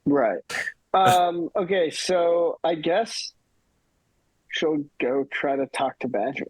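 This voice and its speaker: A man playing a tabletop game, chatting casually, hesitant and excitable by turns. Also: fairly high pitch, slow, no echo, low-quality recording. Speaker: player.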